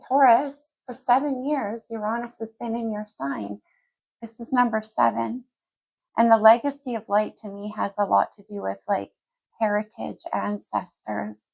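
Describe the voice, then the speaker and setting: Gravelly, husky woman reading tarot. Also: medium pitch, a little mellow, low-quality recording. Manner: rambling, loses and picks up her thread; talks straight to the viewer by sign. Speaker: tarot reader. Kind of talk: casual general tarot reading.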